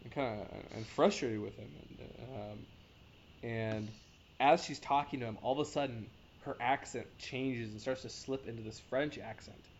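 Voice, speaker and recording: A man chats eagerly in a podcast, tripping over his words and restarting often. His voice sits at an average pitch. The sound is dull and lo-fi, with a faint hiss underneath. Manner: enthusiastic, halting with many restarts. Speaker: podcast co-host. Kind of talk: casual chat.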